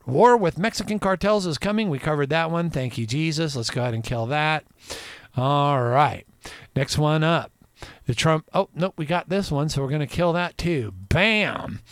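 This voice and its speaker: Male podcast host, chatty news commentary, lively pitch, digressive, laughs often. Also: dry recording.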